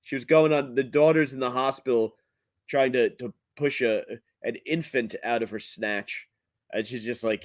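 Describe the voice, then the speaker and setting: A man's voice: medium pitch, no echo. Blunt, crude male comedian ranting. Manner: blunt, crude, halting with fillers. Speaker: podcast host and comedian. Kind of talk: profane comedic rant.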